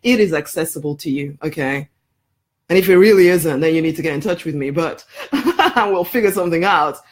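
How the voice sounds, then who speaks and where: A woman's voice: deep voice, animated, brisk. A woman life coach giving an emphatic promotional talk to camera, repeating her points, calling the listener honey and laughing often. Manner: laughs often between phrases. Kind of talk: promotional live video talk.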